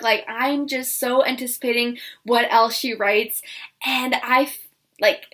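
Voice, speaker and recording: A young woman vlogging about books in casual chat, gushing and excitable, full of repeated "like" and "I loved". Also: high voice. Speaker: book vlogger.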